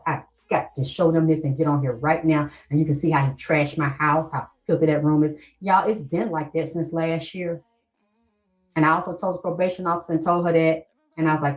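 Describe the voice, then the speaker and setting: A woman's voice: low voice, brisk, a little mellow, rough recording. A middle-aged woman talking straight to her viewers in a heated, profane livestream rant, acting out what others said to her.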